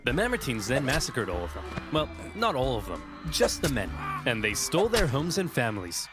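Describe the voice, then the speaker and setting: Guy narrating comic history, wry deadpan jokes, bouncy pitch, music under. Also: brisk, few pauses. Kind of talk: scripted comedic history narration.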